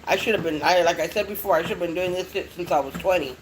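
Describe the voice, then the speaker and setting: A woman's voice: lowish voice, fast talker, slight background noise, poor audio. A middle-aged mother chatting casually to her viewers, rambling and swearing often. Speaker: vlogger. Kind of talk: casual chat.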